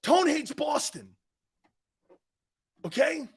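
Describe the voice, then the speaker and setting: A middle-aged man with an East Coast American accent, hosting a sports talk show in brash, loud, joking banter. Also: extremely high pitch, sing-song, very slow. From Northeastern United States. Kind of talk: casual live show banter.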